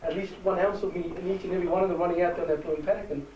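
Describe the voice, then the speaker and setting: A man with a New Zealand Māori accent, giving a halting, heartfelt speech to a rugby team. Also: high voice, fairly even intonation. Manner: halting, warm-hearted, switches between Māori and English. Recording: echoey room from far off.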